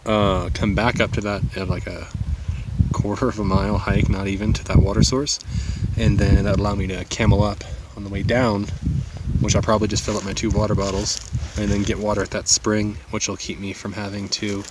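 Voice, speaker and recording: This vlog narration comes from a man filming his own hike high up a mountain, where the audio is very noisy. He talks a little fast in a fairly low voice with little pitch movement, musing aloud, occasionally cursing, and at times short of breath.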